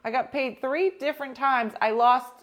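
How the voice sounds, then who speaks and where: A woman's voice: high voice, normal speed. A woman co-hosting a casual chat, telling stories about herself in a chatty, self-mocking way.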